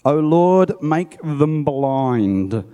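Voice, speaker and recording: Steady old prophet, read by a man. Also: fairly high pitch, drawn-out words, clean tone, full character voice. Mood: praying. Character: calm bold prophet, man. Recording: long hall reverb.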